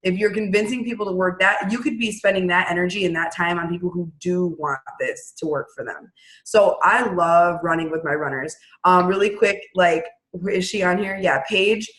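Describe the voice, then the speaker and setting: A woman giving her team a casual pep talk over a video call. She is blunt and brisk, acting out quotes as she goes. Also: on the low side, fairly bright tone, rough recording.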